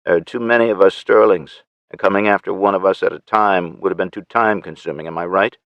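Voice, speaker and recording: Deep-voiced male audiobook narrator. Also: dry recording, muffled recording. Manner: measured, steady storytelling. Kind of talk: scripted first-person narration.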